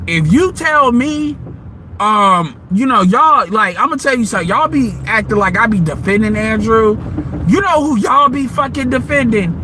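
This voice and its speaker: High-voiced man ranting bluntly. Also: lively intonation, moderate pace, sharp tone, a little hiss or hum. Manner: blunt, profane, heated ranting. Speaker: host of an online audio room. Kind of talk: casual ranting commentary.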